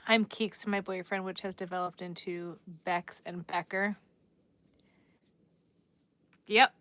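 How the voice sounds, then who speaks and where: Bright-voiced woman chatting on a livestream. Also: on the low side, steady tone, moderate pace, no echo. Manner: chatty, laughing, playfully trying out accents. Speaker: crochet livestream host. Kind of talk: casual live-stream chat with viewers.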